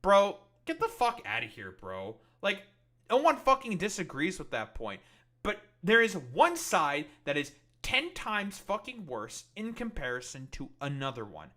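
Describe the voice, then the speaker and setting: A man's voice: sits high, wildly swooping pitch, measured pace, bright, forceful tone. A man hosting a live stream, ranting about politics in a heated, profane and mocking way.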